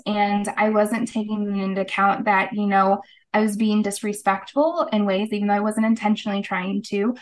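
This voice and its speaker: A woman's voice: mid-range voice, little pitch movement, moderate pace, low-quality recording. Earnest woman telling her story. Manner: earnest storytelling, acts out quoted voices, laughs nervously. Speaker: guest, holistic practitioner. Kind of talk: casual interview talk.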